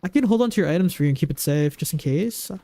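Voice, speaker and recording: A man's voice: a little high, lively intonation, quick pace, mellow, dry recording. A man streaming a game live, chatting casually and rambling while he answers viewers' questions at a desk microphone.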